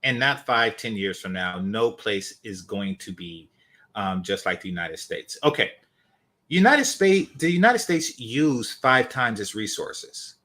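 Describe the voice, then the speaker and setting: A man's voice: on the low side, very animated, measured pace, pushed and bright. A man hosting a dating commentary channel, talking casually with blunt, dismissive swearing.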